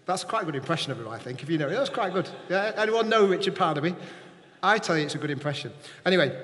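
A man's voice: high voice, animated, fairly quick, a bit bright. A man preaching a sermon to a congregation, engaging and often checking in with his listeners. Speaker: pastor. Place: church hall. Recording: long hall reverb.

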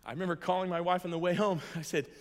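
A middle-aged man preaches and tells his story with strong feeling, dropping to a hush and then rising to loud peaks. His voice sits slightly higher than most men's. It rings out with the long reverb of a large hall. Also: fairly even intonation, very fast. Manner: emotional storytelling, shifting from hushed to loud. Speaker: pastor. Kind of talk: sermon with personal testimony. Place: church hall.

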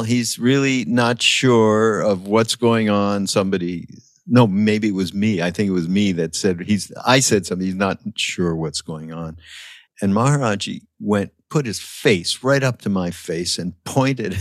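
A man's voice: sits low, no echo, clean studio sound. An older man, a podcast guest, telling reflective stories in casual conversation and acting out the voices he quotes.

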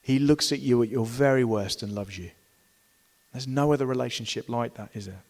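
A male preacher delivering a sermon with strong emphasis, swinging from loud, stressed phrases to soft, hushed ones. His voice sits at a middling pitch, and the long reverb of a church hall trails after every word. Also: brisk.

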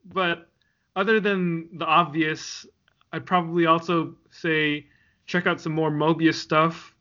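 Bright-voiced man chatting on a podcast. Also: on the high side, little pitch movement, slow. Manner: rambling, jokey, laughs often. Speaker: podcast co-host. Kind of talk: casual chat. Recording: dull lo-fi sound.

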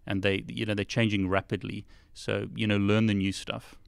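A man's voice: lowish voice, level tone, normal speed, vocal fry, clean tone, dry recording. A man co-hosting a live stream, giving plain-spoken advice on study time. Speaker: co-host.

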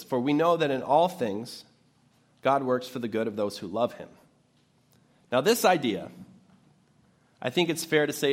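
A man preaching an Easter sermon, reading a scripture passage aloud and then explaining it in plain terms. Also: mid-range voice. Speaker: pastor.

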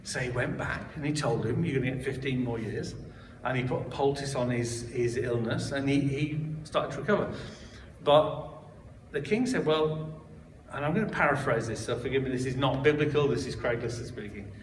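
A man's voice: medium pitch, a little fast, background noise. A man giving a personal testimony, told in a conversational way with frequent restarts and asides. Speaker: church member giving testimony. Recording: roomy hall, speaker far from mic.

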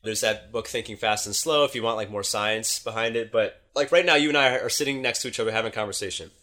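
A man on a casual podcast, telling a dating story in an animated way and swearing freely. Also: on the low side, fast. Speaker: dating coach.

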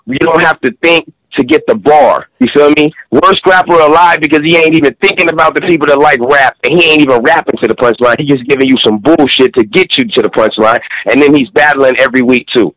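Fast-talking man in casual chat. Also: medium pitch, poor audio. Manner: fast, animated, slangy, recites his own bars. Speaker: battle rapper guest.

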